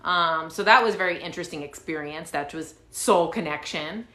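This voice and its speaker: A woman host casually telling a story to her viewers, animated and swearing freely, with lots of fillers. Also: sits low, normal speed. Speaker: channel host. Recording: roomy echo.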